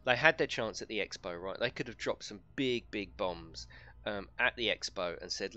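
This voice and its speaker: A man's voice: lowish voice, animated, moderate pace, bright, forceful tone, no room sound. A man streaming a game, chatting casually and telling stories, laughing often and swearing freely. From United Kingdom. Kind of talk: casual live-stream chat. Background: faint music.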